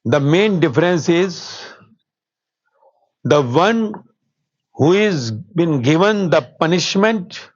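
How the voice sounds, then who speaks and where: A man giving a spiritual discourse, telling a story slowly and earnestly. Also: a little high, expressive. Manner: slow, earnest storytelling, quotes with rising emphasis. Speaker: spiritual teacher. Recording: dull, slightly lo-fi sound.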